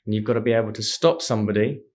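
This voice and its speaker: A man, a podcast guest telling stories in a casual, animated way. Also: lowish voice, very fast. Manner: animated, acts out voices in anecdotes. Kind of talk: casual storytelling chat.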